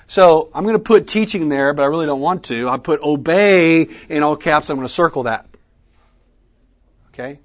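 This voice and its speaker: A man's voice: a little high, moderate pace. Man quizzing a workshop. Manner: interactive, quizzing the audience with questions; Southern "y'all" in speech. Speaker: teacher at a ministry workshop. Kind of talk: teaching session. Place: conference room with a live audience.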